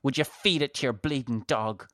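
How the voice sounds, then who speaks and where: Guy reading a scornful young woman, hissy and sharp-tongued, storybook. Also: mid-range voice, moderate pace, no room sound, clean studio sound, natural voice. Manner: hissing, scornful. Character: scornful young woman, hissing and foul-mouthed.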